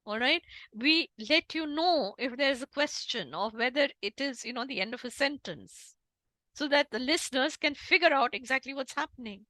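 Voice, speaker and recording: A woman's voice: sits high, moderate pace, no room sound, rough recording. A woman with an Indian English accent giving an emphatic talk on interpreting as a guest speaker. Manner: emphatic, animated lecturing with demonstrations. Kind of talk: online talk.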